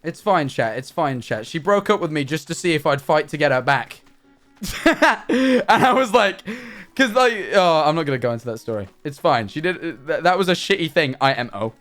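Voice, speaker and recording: Male streamer, high-pitched, very lively intonation, animated swearing rant, casual chat to viewers. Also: normal speed, faint music behind. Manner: animated ranting, frequent swearing. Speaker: livestreamer.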